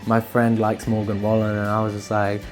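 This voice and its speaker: A man, a musician, chatting casually in an interview in a relaxed, rambling way that trails off softly at times. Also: lowish voice, fairly quick, soft background music. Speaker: musician guest.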